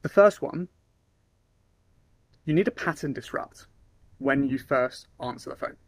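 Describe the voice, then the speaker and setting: A young man giving casual sales advice, now and then acting out phone calls in lively voices. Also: mid-range voice, a little slow, dry recording. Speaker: sales trainer. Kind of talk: casual talking-head advice.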